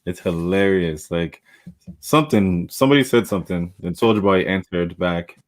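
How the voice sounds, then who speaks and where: A man's voice: low voice, normal speed. A man hosting a podcast, chatting casually and acting out quotes with a lot of laughter. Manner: animated storytelling, acts out quotes, laughs often. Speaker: podcast host. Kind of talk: casual chat.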